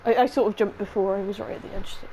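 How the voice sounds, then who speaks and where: A young woman, commentating on a game she is playing, excitable and swearing often, with a sore throat. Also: mid-range voice, quick pace, a little hiss or hum, rough recording. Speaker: game streamer. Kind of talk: let's-play commentary.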